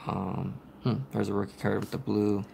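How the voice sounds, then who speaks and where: A man hosting a casual live stream, rambling in a relaxed way with plenty of fillers. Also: on the low side, moderate pace, vocal fry, slight background noise.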